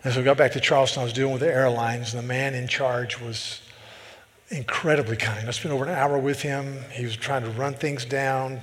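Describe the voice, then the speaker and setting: Man, pastor, emphatic sermon delivery, repeats words, middle pitch, long hall echo. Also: fairly even intonation, brisk, a bit bright. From American South. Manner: emphatic, repeats words when building a point.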